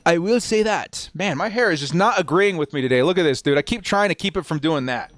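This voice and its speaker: A man's voice: on the high side, animated, a little fast, fairly bright tone, dry recording, faint music behind. Chatty young man hosting a live stream. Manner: chatty, answers chat questions, laid-back. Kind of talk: casual watch-party chat.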